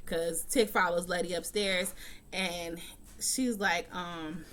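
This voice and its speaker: A woman's voice: lowish voice, steady tone, slow pace, a bit bright, a little hiss or hum. A woman recapping a TV episode in a casual, chatty vlog from a room at home, talking bluntly and swearing often. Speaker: TV recap vlogger.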